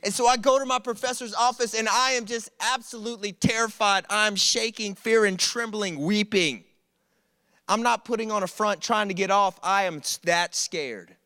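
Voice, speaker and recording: A man preaches to a college crowd, telling his own stories with humor and energy. His voice sits high and bright. The sound is close and dry. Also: normal speed, dry recording. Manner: animated, conversational storytelling with humor. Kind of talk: sermon. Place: church service.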